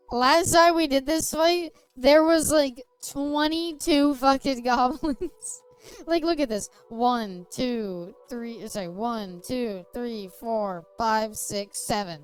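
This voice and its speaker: A woman's voice: high-pitched, takes it slowly, clean tone, faint music behind. A woman streaming a game and chatting casually, giggling often and swearing freely. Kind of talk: casual gaming stream chat.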